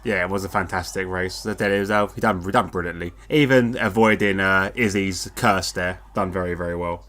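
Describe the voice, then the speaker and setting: A man from the United Kingdom giving casual live race commentary, relaxed and joking with his co-host. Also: low voice, brisk, few pauses. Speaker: co-commentator of a sim racing league.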